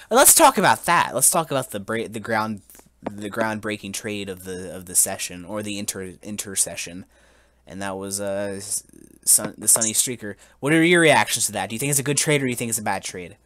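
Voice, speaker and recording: A young man in his twenties hosting a casual podcast, telling a mock-solemn story in a halting way, full of restarts and giggles. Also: lowish voice, a bit bright, no room sound. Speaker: podcast host.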